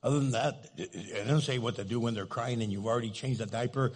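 A man's voice: medium pitch, fast, slightly rough. An older man preaching a sermon in a humorous, playful storytelling way. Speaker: pastor.

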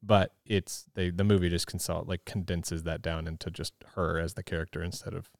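A man's voice: sits low, level tone, brisk, creaky, no room sound, clean studio sound. A man co-hosting a podcast, explaining differences between book and film in a thoughtful, hedging way. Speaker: podcast co-host. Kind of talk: casual movie chat.

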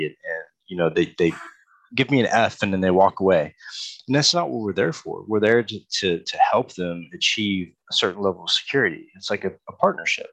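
Deep-voiced man host, dry sound. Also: a little fast, dry recording, rough recording. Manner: relaxed, repeats words while thinking. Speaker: interviewer, pen tester. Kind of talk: conversational interview.

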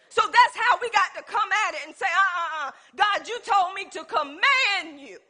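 A woman preaching a lively sermon, acting out little scenes and talking back to God with humor. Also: very high voice, moderate pace. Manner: animated, playful, acts out little scenes.

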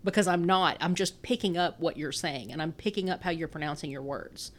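With a low-pitched voice and a slightly fast delivery, this thirty-something Texan woman co-hosts a podcast. The chat is casual, wandering, and full of laughter.

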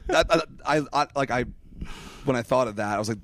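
A man's voice: mid-range voice, brisk. A man, a drag performer guest, chatting casually and telling stories with laughs and restarts. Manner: animated storytelling with laughs and restarts. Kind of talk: casual chat.

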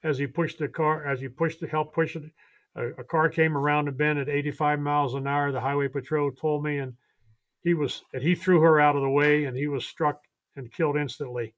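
A man's voice: on the high side, fairly even intonation, brisk. An older man, a veteran baseball coach, telling earnest and heartfelt personal stories as a podcast guest. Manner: earnest, heartfelt storytelling with frequent restarts. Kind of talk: podcast storytelling.

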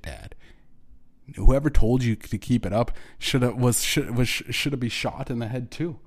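A man from Canada hosting his own podcast, ranting alone in a bitter, profane and rambling way, tripping over restarts and now and then bursting into shouts. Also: fairly low pitch. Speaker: podcast host. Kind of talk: angry solo rant.

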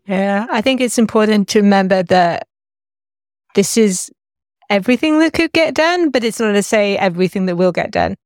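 A woman speaking as a panelist on a podcast, thoughtful and measured in casual tech chat. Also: medium pitch, animated, a little mellow, dry recording, clean studio sound.

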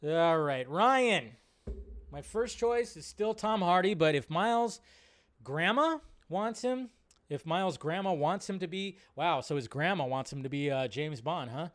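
A man's voice: on the high side, expressive, unhurried. A man hosting a casual live-stream chat, rambling and often cutting himself off as he reads out viewer questions. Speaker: host.

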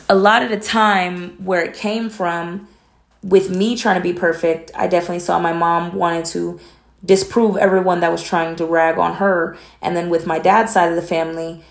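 A young woman from Atlanta hosts a relaxed solo podcast episode. Her voice sits a little low for a woman. She speaks bluntly and candidly, in a straight-to-the-point, matter-of-fact way. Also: moderate pace, vocal fry. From Atlanta, USA. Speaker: podcast host. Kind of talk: casual solo talk.

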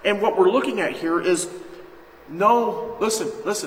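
Emphatic preaching pastor in an echoey hall. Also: male voice, fairly high pitch, moderate pace, a bit bright. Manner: emphatic, calls out to the congregation. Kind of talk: sermon. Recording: echoey hall, faint noise.

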